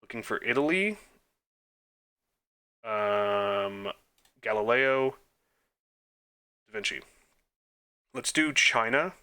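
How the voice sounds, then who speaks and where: Young man, bright sharp tone, mid-pitched, casual quiz commentary, mutters answers, self-deprecating asides. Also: animated, slow, pauses often, clean tone. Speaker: quiz game let's player. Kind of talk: casual thinking-aloud gameplay commentary.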